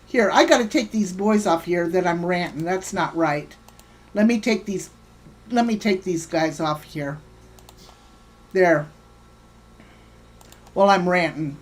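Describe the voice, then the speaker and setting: A woman's voice: fairly low pitch, takes it slowly, pauses often. A woman hosting a livestream, ranting heatedly and swearing while greeting viewers in her chat by name. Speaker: livestream host.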